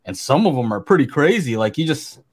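A man's voice: medium pitch, big pitch swings, fairly quick. A man co-hosting a podcast in casual chat, easygoing and fond of teasing his co-host.

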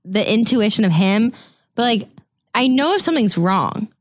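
A woman's voice: mid-range voice, lively intonation, normal speed, no echo, studio quality. A woman guest on a podcast, talking casually with laughs and trailing phrases. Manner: giggly, trailing, searching for words.

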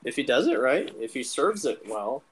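A man's voice: mid-range voice, very animated, moderate pace, a bit bright, slight background noise, poor audio. A man co-hosting a podcast, telling a story in casual chat with a teasing, joking manner. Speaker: podcast co-host.

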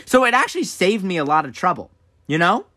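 A man's voice: quick pace, no room sound, clean studio sound. A man co-hosting a podcast, telling a childhood story in casual chat and acting out the other people in it. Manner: animated, acts out quoted voices with big pitch jumps. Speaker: podcast co-host.

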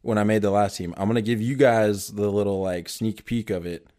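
A young man with a slightly low voice talks through a casual sports podcast in a loose, joking way. He laughs easily and keeps things relaxed. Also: brisk. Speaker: podcast co-host.

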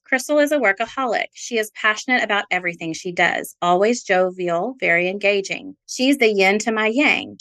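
In a calm, steady delivery, a woman with a mid-range voice reads out social media posts and testimony from her trial. The podcast she hosts centers on her own court case.

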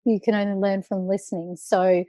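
A woman's voice: medium pitch, flat delivery, fairly quick, warm tone, no echo. A woman, a makeup artist chatting animatedly as a guest, full of fillers and stories. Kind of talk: casual chat.

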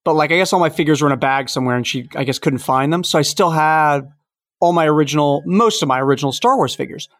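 A man in his fifties hosting a podcast, telling childhood stories in a casual, animated way. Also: on the high side, quick pace. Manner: animated storytelling, acts out toy sounds. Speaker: podcast host. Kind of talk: casual chat.

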